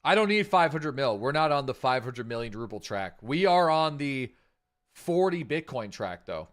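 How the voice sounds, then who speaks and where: A man's voice: mid-range voice, big pitch swings, normal speed, fairly bright tone. A man streaming a game live, thinking aloud in casual chat, rambling with plenty of fillers.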